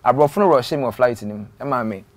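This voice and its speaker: Ghanaian man, interview guest, mid-pitched, storytelling, lets phrases fade out. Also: fast. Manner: mixes in English words, drops to quiet trailing phrases.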